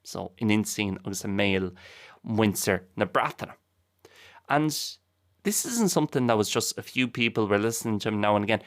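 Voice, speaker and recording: A man's voice: lowish voice, expressive, brisk. A man hosting a bilingual language podcast, casually repeating each point in two languages. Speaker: Irish language teacher and podcast host.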